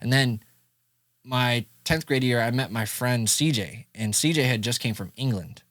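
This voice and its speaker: Speaking at a normal pace, this Syracuse, New York man in his thirties is a music producer and engineer sharing his history as a guest on a relaxed podcast. He brings past dialogue to life with sharp leaps in pitch. The audio is studio quality, with no room sound at all.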